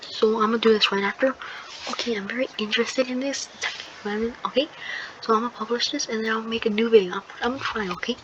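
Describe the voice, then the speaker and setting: A woman's voice: on the high side, steady tone, fast. Woman, rambling hesitant storyteller, casual retelling, muffled sound, noisy background. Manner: rambling and hesitant, many fillers. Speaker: video creator. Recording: dull lo-fi sound with clear background noise.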